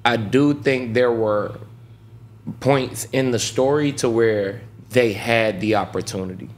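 A man's voice: mid-range voice, measured pace. A man co-hosting a podcast, giving opinionated, joking, profane takes in casual banter. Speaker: podcast co-host.

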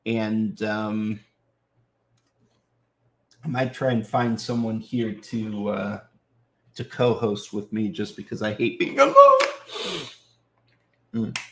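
Slow-talking man, a bit sick and deep. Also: creaky, slight background noise. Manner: relaxed, chatty, greeting viewers by name. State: slightly sick, voice deeper than usual. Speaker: voice actor hosting a live autograph signing. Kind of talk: casual livestream chat.

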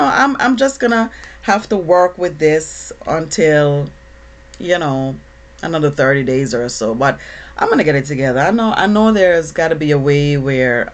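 A woman vlogging casually to camera, chatty and animated, with lots of fillers. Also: sits low. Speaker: beauty vlogger.

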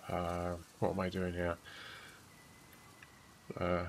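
Gravelly British man playing a game. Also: deep voice, completely flat delivery, takes it slowly, slight background noise, rough recording. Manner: chatty, mutters to himself while playing. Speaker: gamer streamer. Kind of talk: let's play commentary, reading journal aloud.

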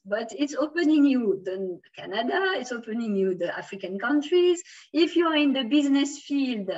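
High-voiced Swiss woman teaching French. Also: recorded from a distance, highs cut off. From Switzerland. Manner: mixes English and French, encouraging, many fillers. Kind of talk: online language class.

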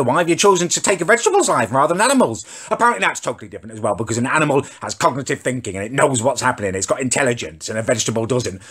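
A man's voice: mid-range voice, a bit bright, echoey room. An English man ranting to camera in a comic, indignant, exasperated way. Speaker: vlogger. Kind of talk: comedic rant to camera.

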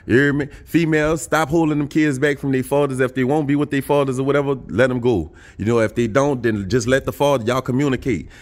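A man's voice: medium pitch, fast, hardly any pauses. A middle-aged man with a New Orleans accent, talking casually to his viewers in a vlog, repeating himself and giving life advice. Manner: preachy, repetitive, talks straight to viewers. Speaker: vlogger.

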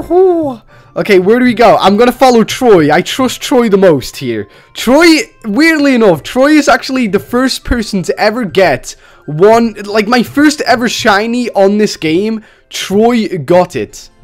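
A man giving chatty, excitable live commentary while he plays a video game as a streamer. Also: sits high. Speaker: gaming streamer.

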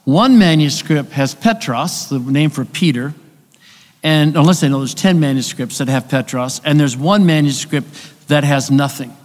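A man's voice: fairly high pitch, normal speed, a little mellow. A man giving a conversational conference lecture, explaining with rhetorical questions and asides. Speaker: conference speaker on biblical texts. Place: church hall. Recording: long hall reverb.

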